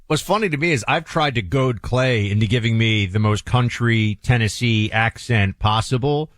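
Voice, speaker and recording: A man co-hosting a radio talk show, joking in casual banter with his pitch jumping up often. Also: moderate pace, fairly bright tone, no echo, studio quality. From Northeastern United States. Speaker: radio co-host. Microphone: studio microphone.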